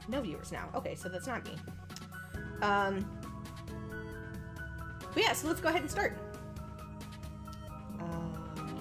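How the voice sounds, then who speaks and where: A young woman streaming a visual novel, chatting casually and reading the text aloud, rambling and laughing at herself. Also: mid-range voice. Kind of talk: casual let's-play chat and reading aloud.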